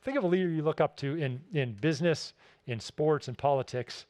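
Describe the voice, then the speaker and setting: A man delivers a keynote talk, and his voice sits a little higher than most men's. He tells stories in an animated, emphatic way and hammers his key points home by repeating them. The sound is close and dry. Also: fairly quick, no room sound. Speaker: keynote speaker.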